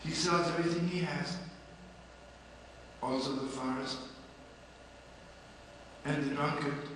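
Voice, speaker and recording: A man telling a story from a live stage in an impassioned way, his voice rising loud and high on key phrases. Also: steady tone, takes it slowly, slight background noise. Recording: echoey hall with a distant mic.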